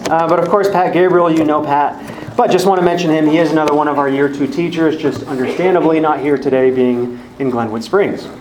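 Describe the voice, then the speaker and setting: Addressing a live group in a church hall, a Bible study teacher gives friendly, organized announcements in a fairly high voice with a darkish tone. Slight background noise is present, and the hall echoes with faint ambience.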